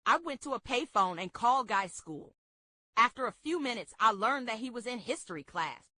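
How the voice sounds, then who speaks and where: Bright-voiced woman reading a memoir. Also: a little high, expressive, normal speed, dry recording. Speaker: book club reader.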